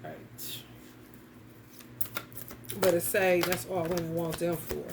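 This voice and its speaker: Gravelly, blunt woman tarot reader. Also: lowish voice, flat delivery, normal speed, noisy background. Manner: blunt, profane, ranting straight at the viewer. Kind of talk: casual tarot reading vlog.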